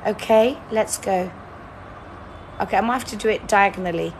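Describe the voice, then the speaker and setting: A woman's voice: medium pitch, normal speed, slight background noise. A woman, hosting a live-stream word-guessing game in a chatty, teasing, playfully dramatic way. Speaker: livestream host.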